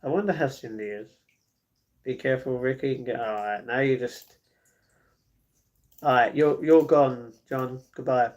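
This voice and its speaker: A man's voice: mid-range voice, moderate pace, long pauses, darkish tone. A man live streaming, chatting casually and reading viewer comments aloud, often laughing.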